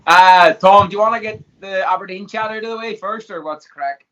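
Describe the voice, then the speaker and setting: High, bright-voiced male host. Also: a little fast. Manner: jokey, laughs easily. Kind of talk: casual podcast chat. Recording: dull lo-fi sound.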